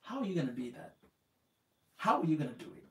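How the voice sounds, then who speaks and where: An impassioned man with an East African accent, his voice a little high for a man. He preaches, repeats himself and asks one rhetorical question after another. He sounds set back from the mic in an echoey room. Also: sing-song, fast talker, fairly bright tone, recorded from a distance. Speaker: live show host. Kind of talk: impassioned live-stream talk.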